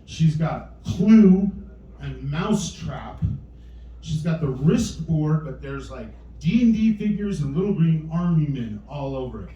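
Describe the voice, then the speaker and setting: A man's voice: on the high side, lively intonation, a little slow, warm tone, dull audio. A middle-aged man doing a stand-up comedy set, telling rambling stories in a dry voice and acting out the quotes. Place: small comedy venue with live audience. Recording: echoey room mic from far off.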